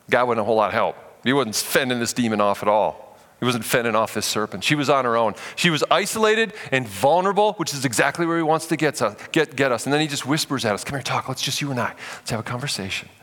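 A male pastor preaching a sermon in a church, animated and emphatic, often dropping low to stress a point. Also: in a large hall.

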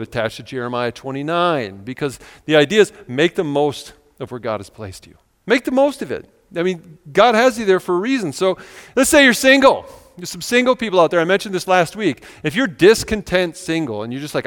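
A man's voice: fairly high pitch, smooth, big-room sound. A man preaching a sermon in a church, talking in a conversational, earnest way with many rhetorical questions. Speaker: pastor. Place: church sanctuary.

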